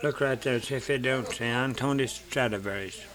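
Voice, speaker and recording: A man's voice: medium pitch, moderate pace, fairly bright tone. Old country fella rambling on, cussing, says "he said" every other line. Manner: rural dialect, repetitive "he said", swears freely. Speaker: interviewee. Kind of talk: rambling folk storytelling.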